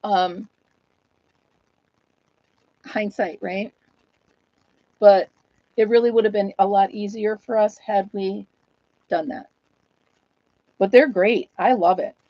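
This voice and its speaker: A chatty woman hosts a casual live stream from home, easily amused and quick to laugh. Her voice sits in a middle pitch. The sound is dull and muffled, and the room is dry. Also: dry recording. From United States. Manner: chatty, laughs often, talks to viewers and her dog. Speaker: host of a live chat stream.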